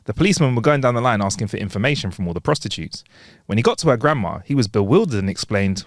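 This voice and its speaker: A man co-hosting a podcast, casually reading jokes aloud and laughing loudly at his own punchlines. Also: lowish voice, expressive, fast, no room sound, studio quality. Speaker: podcast co-host. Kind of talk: casual joke-telling chat.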